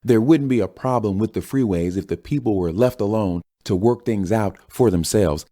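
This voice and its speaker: A man voicing a folksy partisan male senator, combative speechmaking, deep dark voice, dry. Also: normal speed, natural voice.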